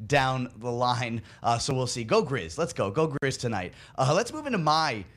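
A man's voice: medium pitch, expressive, moderate pace, fairly bright tone. A man hosting a sports betting segment, upbeat, walking listeners step by step through his picks. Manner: upbeat, explains bets step by step. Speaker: producer and segment host.

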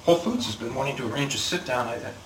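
A man's voice: medium pitch, lively intonation, very fast, a bit bright, close to an everyday voice. A man playing a whiny grown son. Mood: pleading. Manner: whiny, pleading. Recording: roomy, distant, noisy bugged audio.

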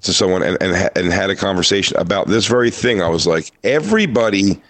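A man's voice: low voice, quick pace. A man hosting a comedy talk show, telling stories in a casual chat and acting out bits in silly voices. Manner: animated storytelling, acts out bits in silly voices. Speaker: comedy podcast host.

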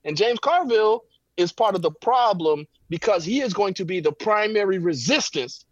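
A man's voice: high voice, lively intonation, moderate pace, dry recording, lo-fi sound. A man giving impassioned political commentary from home, emphatic and preacherly, with rhetorical "right?" tags. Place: home, backyard visible.

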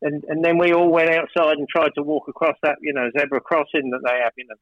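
A man, a record producer, telling a long studio story in a casual interview, rambling with many fillers and restarts and growing animated and emphatic. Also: on the high side, fast, no echo, highs cut off.

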